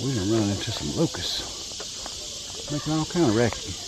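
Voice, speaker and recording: A man's voice: mid-range voice, animated, unhurried, background noise. A middle-aged man with a Louisiana accent, narrating a hiking vlog outdoors in a forest in a rambling, joking, folksy way. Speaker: vlogger.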